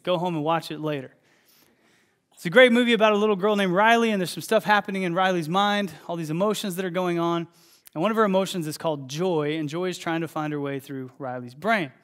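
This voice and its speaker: A young man preaching a sermon as pastor, telling stories with energy and loud bursts of emphasis. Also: fairly high pitch.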